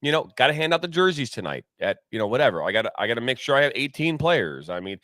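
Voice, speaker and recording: A man's voice: mid-range voice, sing-song, fast talker, bright, forceful tone, no echo, clean studio sound. A man co-hosting a soccer podcast, ranting candidly with frequent swearing and rambling restarts. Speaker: soccer commentator and podcast co-host. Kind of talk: candid opinionated podcast rant.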